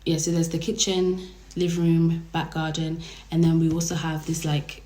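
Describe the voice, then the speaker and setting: Woman, young, chatty storyteller, mellow, low voice. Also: moderate pace. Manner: animated, conversational, dramatic storytelling. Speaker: vlogger. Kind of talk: storytime vlog. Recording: roomy echo.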